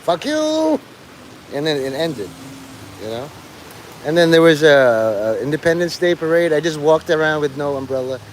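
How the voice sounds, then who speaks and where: A man's voice: on the high side, normal speed, a little hiss or hum, rough recording. A man rambling through a profane live stream monologue outdoors, with faint rain behind him. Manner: profane, meandering, full of fillers. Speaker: livestreamer.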